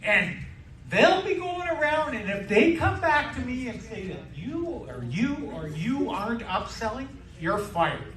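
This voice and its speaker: A man's voice: very high-pitched, big pitch swings, unhurried, far from the mic, exaggerated voice. A man doing a stern male store manager. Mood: stern lecturing. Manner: strict, lecturing. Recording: roomy live club sound with crowd noise.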